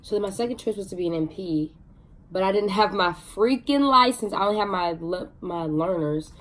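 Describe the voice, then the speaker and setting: A young woman vlogging, telling her own story in a chatty, excitable way with many fillers. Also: medium pitch, moderate pace. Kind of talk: casual storytelling to camera.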